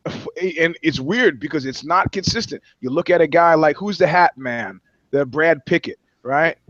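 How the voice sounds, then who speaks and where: A man's voice: fairly high pitch, a little slow, fairly bright tone, dry recording, highs cut off. Rambling, profane man riffing. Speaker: podcast co-host. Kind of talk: casual comedic chat.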